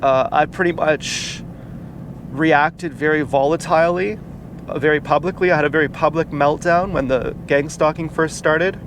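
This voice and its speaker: A man's voice: on the high side, fairly even intonation. Rambling man over street noise. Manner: rambling, halting, many fillers and restarts. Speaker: vlogger. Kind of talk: casual personal storytelling. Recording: noisy outdoor street recording. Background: car and street noise.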